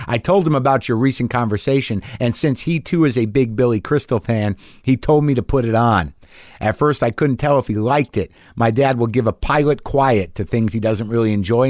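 A man's voice: mid-range voice, no room sound, studio quality. A man hosting a podcast, talking alone in a frank, profane, self-deprecating way. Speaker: podcast host. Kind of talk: solo monologue.

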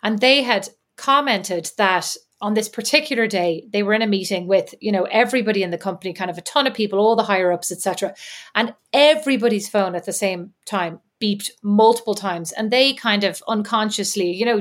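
A woman's voice: medium pitch, fairly quick, fairly bright tone. Woman, podcast co-host, rambling storyteller, fillers and asides. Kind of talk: casual chat. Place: lives in Indiana.

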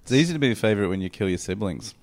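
Animated man, very lively pitch. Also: racing. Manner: animated, acts out silly quoted lines. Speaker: podcast co-host. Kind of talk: casual comedic chat.

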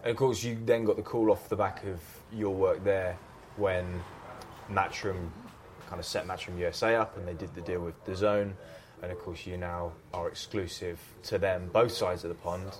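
A man's voice: sits low, steady tone, normal speed, a little hiss or hum. A man co-hosting a podcast, asking the guest friendly, chatty questions. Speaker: podcast co-host. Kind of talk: interview questions.

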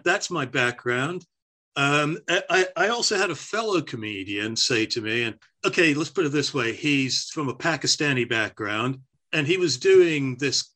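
In a reflective oral history interview, a former stand-up comedian, now older, frequently starts his thoughts over. He is half American and was raised on air force bases, and his mid-range voice sounds pushed and bright.

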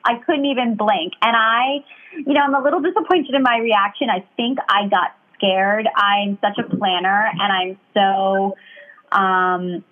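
A woman's voice: medium pitch, measured pace. A young woman talking in a chatty, rambling, candid way during casual conversation. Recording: tinny phone-like sound.

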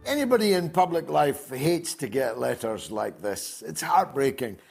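A man's voice: on the high side, sing-song, moderate pace, vocal fry, music in the background. An older man hosting a call-in show, combative and mocking, reading viewer comments aloud. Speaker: host. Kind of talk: opinionated call-in show talk.

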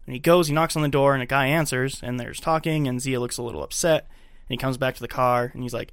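A man's voice: mid-range voice, fast, fairly bright tone, clean tone, no room sound, studio quality. A man co-hosting a podcast, casually retelling a movie's scenes and acting out the characters' lines. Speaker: podcast co-host. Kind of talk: casual chat, recapping a movie. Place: podcast recording setup.

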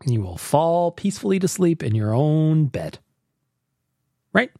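A man hosts a casual podcast, his voice leaping from high excitement to low, mock-serious warnings. He sounds close and dry, with no room around him. His delivery is playful and lively. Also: unhurried, creaky, dry recording. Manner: animated, jokey, swings from loud cheers to mock-serious. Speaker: podcast host.

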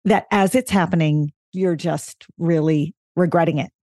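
A woman hosting a podcast who asks curious, quick questions. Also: lowish voice, steady tone, dark tone, dry recording, clean studio sound. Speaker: podcast host. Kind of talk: podcast conversation.

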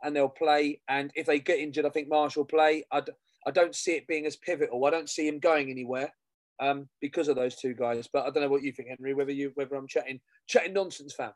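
A man's voice: a little high, steady tone, quick pace, no room sound. A man co-hosting a fan podcast, rambling in casual football chat and repeating himself. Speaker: podcast co-host.

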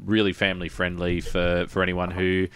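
A man's voice: sits low, monotone, moderate pace, fairly bright tone, smooth, no echo. A man hosting a casual gaming podcast, rambling with many restarts and fillers. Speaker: podcast host. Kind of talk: casual chat.

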